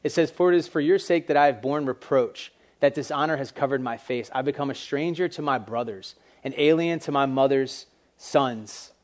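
A man preaching a casual sermon to young people, animated and acting out quoted voices. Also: mid-range voice, normal speed.

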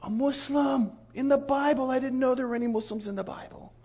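A preacher acting out an eager excitable sheikh. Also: male voice, very high-pitched, moderate pace, voice pushed up. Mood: amazed. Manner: insistent and exclaiming.

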